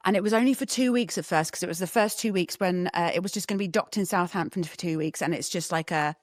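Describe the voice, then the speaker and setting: A woman guest chatting casually in an interview, an animated storyteller who laughs often. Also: lowish voice, fast talker, no room sound, clean studio sound. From England.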